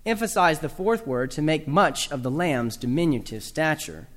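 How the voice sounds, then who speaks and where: A man's voice: on the high side, lively intonation, normal speed, fairly bright tone. Southern man lecturing in a reverberant hall. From American South. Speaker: speaker on teaching children speech. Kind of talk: talk to a live audience.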